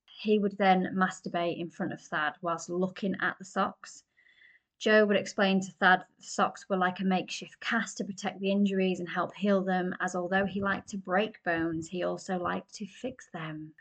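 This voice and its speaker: A woman's voice: medium pitch, a bit bright. A woman hosting a true crime podcast, telling the story conversationally with fillers and personal asides.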